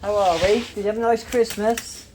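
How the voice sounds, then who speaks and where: A man's voice: high voice, fairly even intonation, normal speed, a little mellow. A man arguing heatedly as a patient, pleading and swearing in a real-life conversation. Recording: noisy handheld audio log.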